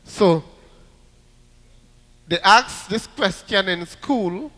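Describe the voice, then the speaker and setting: A man with a Trinidadian accent telling jokes on stage, loud and lively, slipping into put-on voices. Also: sits high, unhurried, long reverb tail. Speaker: comedian. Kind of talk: stand-up joke telling.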